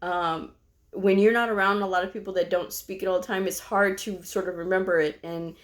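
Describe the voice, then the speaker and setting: A woman's voice: mid-range voice, steady tone, brisk. A middle-aged woman from Texas who vlogs about medical coding, telling a personal story to camera in a chatty way, full of "you know" and small fillers. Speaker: medical coder vlogger.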